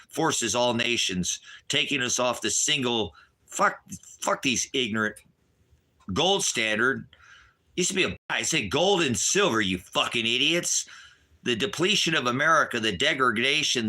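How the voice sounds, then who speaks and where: A man's voice: mid-range voice, bright, forceful tone. A middle-aged man ranting angrily about politics, profane, combative and sarcastic. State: irritated, worked up. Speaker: ministry livestream host. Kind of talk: angry political rant.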